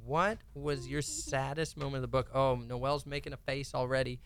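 A man's voice: mid-range voice, steady tone, moderate pace, a little hiss or hum. A man co-hosting a casual family podcast, speaking with dry, sarcastic humor and encouragement. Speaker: podcast co-host, dad.

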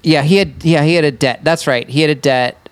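A man's voice: fairly high pitch, a little fast, smooth, dry recording. A man co-hosting a podcast, talking casually with jokes and many restarts. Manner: joking, rambling with restarts. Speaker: podcast co-host. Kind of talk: casual chat.

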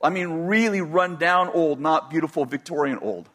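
Older Californian man, fairly high-pitched, spins a rambling childhood story with stops and starts. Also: moderate pace, a bit bright. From California, USA. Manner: rambling, frequent restarts, chuckling. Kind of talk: personal storytelling.

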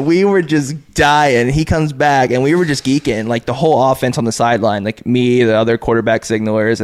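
Young man, mid-pitched voice, podcast guest, animated storyteller, laughing, casual. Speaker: podcast guest, former player.

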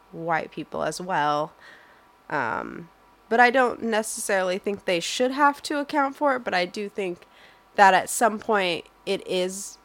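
A woman's voice: lowish voice, fairly bright tone. A young woman answering interview questions in a thoughtful, hesitant way, full of fillers and restarts.

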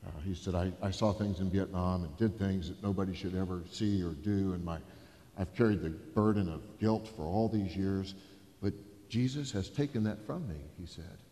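A man, a pastor telling a story in a sermon, swinging from hushed to loud. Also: deep voice, moderate pace. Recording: reverberant church hall.

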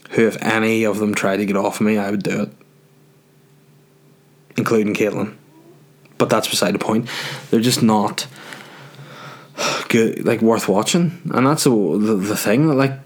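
A man in his thirties, a stand-up comedian, chatting casually while answering viewer questions, swearing freely and ranting with self-mocking humor. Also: on the low side. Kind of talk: casual chat.

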